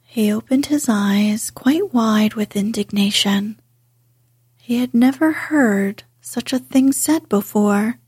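A woman reading a children's novel aloud in a soft, breathy whisper. Her pace is slow and even, and the sound is close and dry with no room around it. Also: a little high, no room sound. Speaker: audiobook narrator.

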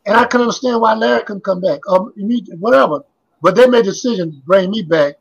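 A man's voice: sits high, fast talker, gravelly, slightly rough, highs cut off. An older man, a former basketball player, reminiscing as a guest in a casual interview, telling his stories in a rambling, repetitive way.

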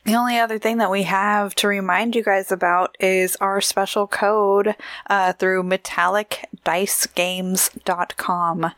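A woman's voice: mid-range voice, fairly bright tone, dry recording, studio quality. A woman from Oregon co-hosting a podcast in casual, chatty talk, laughing often. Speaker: podcast co-host.

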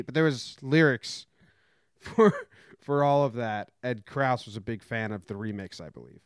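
A man co-hosting a casual talk show, wry and animated, mock-singing snippets as he talks. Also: mid-range voice, measured pace, clear, resonant tone, dry recording, clean studio sound. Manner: wry, animated storyteller, mock-sings bits. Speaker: podcast co-host. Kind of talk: casual chat.

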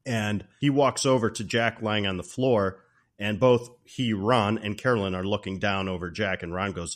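A man's voice: on the low side, steady tone, moderate pace. A man co-hosting a podcast, animatedly recapping a comedy film and laughing often. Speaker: podcast co-host. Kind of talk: casual movie recap.

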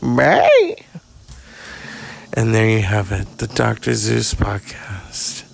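A man's voice: fairly low pitch, level tone, unhurried, vocal fry, husky. A man hosting a podcast, delivering a crude, sardonic comic monologue. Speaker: podcast host.

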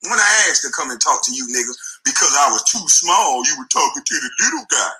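A man's voice: medium pitch, very animated, fairly quick, bright, forceful tone, rough recording. A man in an angry, profane rant, taunting and repeating insults. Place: front seat of his car.

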